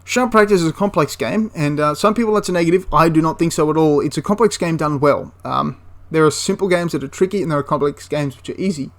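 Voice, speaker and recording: A man's voice: on the high side, fast, few pauses. A man giving a casual, enthusiastic spoken review of a tabletop wargame, rambling into asides and restarting his sentences.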